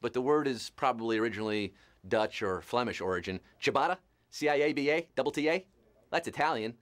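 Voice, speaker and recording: A man hosting a live quiz show, reading out questions and answers with a steady stream of puns and jokes. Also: medium pitch, brisk. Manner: punning, joking, playful.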